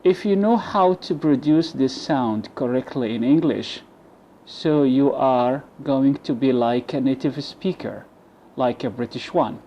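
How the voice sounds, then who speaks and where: An Egyptian man gives an English pronunciation lesson, slowly and carefully drawing out the words he models and letting his voice sink at phrase ends. His tone is dark and mellow. The recording is dull and lo-fi, with a faint hiss underneath. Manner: slow, deliberate model words, drops low at phrase ends.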